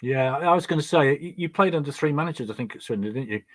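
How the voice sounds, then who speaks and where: A man's voice: a little high, lively intonation, quick pace. A man hosting a casual chat, prompting his guest and reading out listener questions. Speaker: host.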